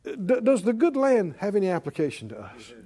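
A male preacher delivering a broadcast sermon. His voice sits high and moves all over the place. He rises into emphatic near-shouts and then drops back down to reason with the listener. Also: brisk. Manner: animated, rising to emphatic shouts.

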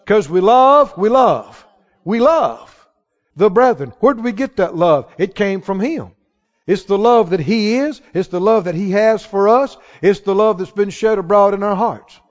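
A male pastor preaching a sermon to a congregation, emphatic and rising to shouts on key lines. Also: high voice, animated, unhurried. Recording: dull sound with long hall reverb.

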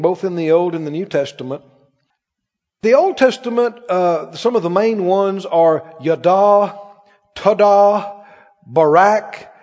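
A middle-aged man preaching a sermon as pastor, emphatic and animated, with sudden exclamations. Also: sits high. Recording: dull recording with long hall reverb.

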